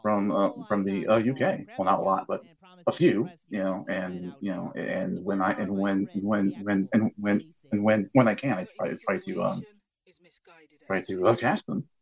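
A man with a husky, low-set voice talks casually as a host. He stumbles and repeats himself often, circling back before finishing a thought. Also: steady tone, low-quality recording. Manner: halting, repeats words while searching for them. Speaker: podcast host. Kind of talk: casual chat.

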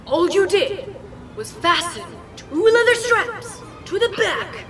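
A woman's voice: very high-pitched, big pitch swings, takes it slowly, recorded from a distance, music in the background, full character voice. A woman playing an impatient, exasperated female villain commander in an audio drama.

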